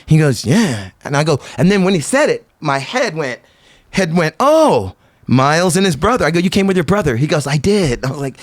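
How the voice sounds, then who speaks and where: Animated middle-aged man telling stories. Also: fairly high pitch, a little fast, no echo, clean studio sound. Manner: animated storyteller, acts out quotes in shifting voices. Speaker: podcast guest. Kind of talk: casual interview chat.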